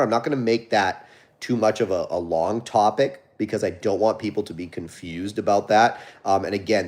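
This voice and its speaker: A dog trainer with a lowish, slightly mellow voice hosts a casual live stream. He reads out viewer questions and answers them, often tagging his points with "right?".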